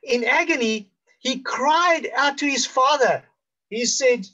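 A male pastor with a South African accent preaching slowly and deliberately, rising for emphasis and dropping to a hush. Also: very high-pitched, muffled recording. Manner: slow, deliberate preaching with emphatic rises and hushed drops. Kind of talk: sermon.

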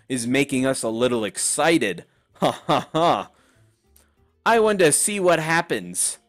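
Young male gamer, offhand wisecracks, slow pace, light music underneath. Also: fairly high pitch. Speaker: let's play gamer. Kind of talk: joking game commentary.

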